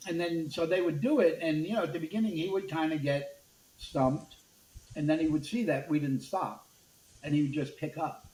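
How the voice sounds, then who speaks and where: A man's voice: fairly high pitch, normal speed. Older New man telling stories. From Brooklyn, USA. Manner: animated storyteller acting out dialogue. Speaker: guest, media executive. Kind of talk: anecdotal storytelling interview. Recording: roomy echo with faint background noise.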